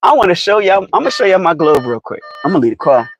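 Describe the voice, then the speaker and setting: A man's voice: high-pitched, fast, a little hiss or hum, rough recording. A man from New Jersey with a New Jersey accent, chatting casually and animatedly with viewers on a live stream. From New Jersey, United States. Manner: animated, chatty, addresses viewers directly, laughs often.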